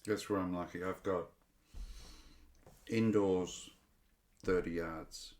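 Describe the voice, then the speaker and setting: A calm man from Ireland, a podcast guest. He speaks in a very deep voice with short, steady remarks. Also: slow, roomy sound. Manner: calm, brief replies and steady advice. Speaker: archery range owner, podcast guest. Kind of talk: casual chat.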